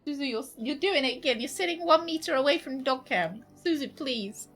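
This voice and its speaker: Give me a bright, sing-song woman chatting on a home stream and baby-talking her dog. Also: high-pitched, animated, brisk, faint music behind. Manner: chatty, laughs often. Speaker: game streamer. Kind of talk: casual live-stream chat.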